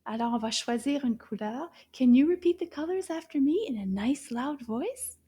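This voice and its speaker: A woman teaching a children's French lesson, sounding bright and exaggerated and spelling words out carefully. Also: high voice, lively intonation, moderate pace, few pauses, breathy edge.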